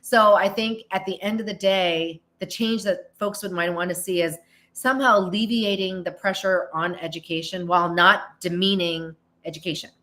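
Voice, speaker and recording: This middle-aged American podcast host, voice fairly low, steady and sharp in tone at a moderate pace, fields listener questions in a casual monologue. She's chatty, restarts frequently and acts out quoted lines.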